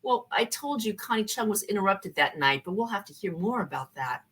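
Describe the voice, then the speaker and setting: A woman, a former college professor, telling a personal story in an animated way and acting out the dialogue. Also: mid-range voice, a little fast, slightly rough.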